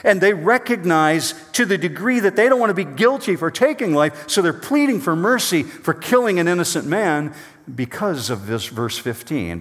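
A man preaching a sermon, reading scripture aloud with dramatic swings between loud urgent passages and quiet low asides. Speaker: pastor. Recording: long hall reverb.

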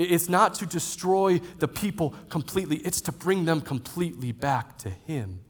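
A man in his thirties preaching a sermon in a church auditorium, swinging between loud, emphatic lines and soft, drawn-out ones. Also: a little high. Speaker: pastor. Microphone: handheld or headset mic.

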